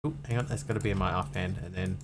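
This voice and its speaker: A man's voice: low-pitched, fairly even intonation, rapid-fire, slight background noise. A man streaming a game, talking through what he is doing in a rambling, thinking-aloud way with plenty of fillers. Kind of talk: casual gameplay commentary.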